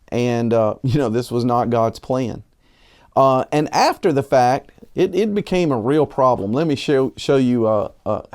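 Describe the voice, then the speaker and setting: A pastor preaching a conversational sermon, often restarting his phrases and asking rhetorical questions, slowing down and lifting his voice to drive key points home. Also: a little mellow. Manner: slows and rises in pitch for emphasis.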